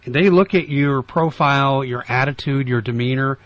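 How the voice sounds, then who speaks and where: A man's voice: mid-range voice, dry recording. Earnest man in dull lo-fi radio audio. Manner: earnest, conversational, halting restarts. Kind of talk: radio talk discussion.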